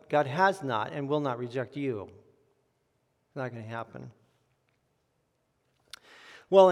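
A man's voice: a little high, long reverb tail. A man preaching a Sunday morning sermon, earnest and plain-spoken, often repeating a word as he starts a phrase. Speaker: pastor.

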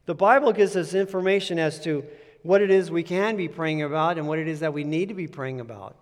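Man, pastor, sermon, earnest conversational preaching, emphatic repetition, fairly high voice, long hall reverb. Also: a little fast.

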